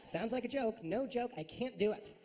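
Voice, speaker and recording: Female stand-up comic, fairly high voice, animated storyteller, noisy live recording. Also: normal speed. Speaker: stand-up comedian. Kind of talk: stand-up comedy set.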